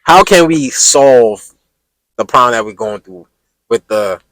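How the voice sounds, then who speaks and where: A man's voice: medium pitch, animated, measured pace, a bit bright, rough recording. A man hosting a podcast in casual, slangy chat, speaking emphatically and addressing listeners directly. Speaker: podcast host.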